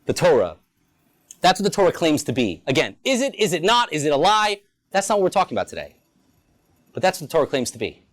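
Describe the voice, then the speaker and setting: A man's voice: on the high side, wildly swooping pitch, fast talker, a bit bright. A man, a rabbi, teaching a lunchtime Torah class with rhetorical questions and playful asides. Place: school campus.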